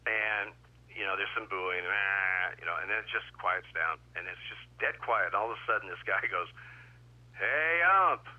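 A man's voice: deep voice, fairly even intonation, normal speed, muffled recording. An older man, a retired baseball umpire, telling easygoing stories as a guest in a casual interview. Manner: easygoing, anecdotal storyteller.

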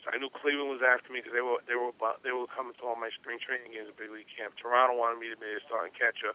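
A man's voice: medium pitch, rapid-fire. Middle-aged man telling rambling stories. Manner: rambling, animated, repeats himself. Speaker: former pro baseball catcher, guest. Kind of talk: casual interview storytelling. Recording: dull lo-fi recording.

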